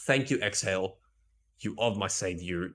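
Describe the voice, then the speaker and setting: A man with a fairly low voice calls a live esports match in a chatty, playful way. He sounds a little tired and often restarts his phrases as he goes. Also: normal speed, fairly bright tone. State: tired, yawning. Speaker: esports caster.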